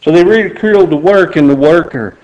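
A man's voice: fairly high pitch, a little fast, a little mellow, lo-fi sound. A middle-aged man preaching a sermon in a folksy, joking way. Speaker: pastor.

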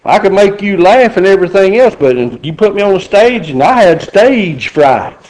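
A man's voice: high-pitched, very animated, moderate pace, a little mellow, rough recording. A middle-aged man preaching a sermon in a folksy, joking way. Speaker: pastor.

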